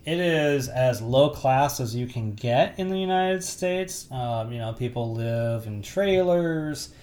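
Male podcast co-host, casual film talk, eager and rambling, mid pitch. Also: expressive, slow pace, darkish tone. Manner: enthusiastic, rambling with restarts. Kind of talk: casual movie chat.

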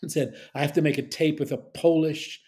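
Dialect coach, a man with a warm, dark tone who tells stories animatedly and plays every quote. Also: a little high, a little fast. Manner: animated storyteller, acts out quotes. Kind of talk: conversational interview.

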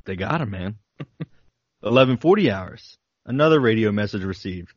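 Male co-host, low voice, reads dramatically; dull, dry sound. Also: lively intonation, brisk, no room sound. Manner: dramatic reading with laughs breaking in. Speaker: podcast co-host. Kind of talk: reading a flight log aloud, then casual chat.

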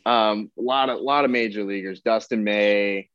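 Speaking at a normal speed in a lowish voice, a young man who plays pro baseball casually recounts a story as a podcast guest. He's laid-back and talkative, acting out the characters and quoting what they said, all over a dull, dry, lo-fi recording.

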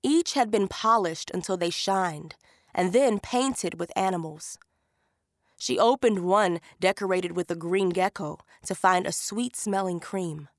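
A woman narrating a story from a script in a measured, unhurried way. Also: lowish voice, dry recording, clean studio sound. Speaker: audiobook narrator.

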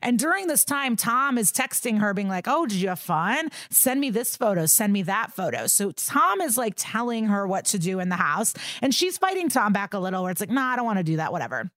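A woman's voice: mid-range voice, very animated, fairly quick, hardly any pauses, fairly bright tone, no echo, studio quality. A woman co-hosting a podcast, retelling a true-crime case in a casual, profane way with laughs, acting out the people she quotes. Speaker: podcast co-host.

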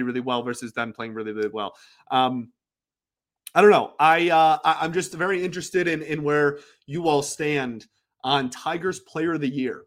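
A man with a somewhat high-pitched voice hosts a solo sports podcast. He talks in a loose, rambling way, airing strong opinions and chuckling between points. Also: fairly bright tone. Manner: rambling and opinionated, with frequent laughs.

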